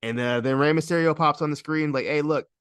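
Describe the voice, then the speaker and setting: A man hosting a casual wrestling podcast, talking in an animated way, laughing often and restarting his sentences. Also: fairly high pitch, fast, clear, resonant tone, no room sound, studio quality. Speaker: podcast host.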